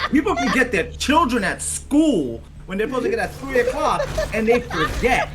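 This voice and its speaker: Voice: mid-range voice, very animated, normal speed, loud music behind the voice. A gamer ranting animatedly in casual chat over gameplay, swearing a lot. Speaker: gameplay commentator. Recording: noisy recording.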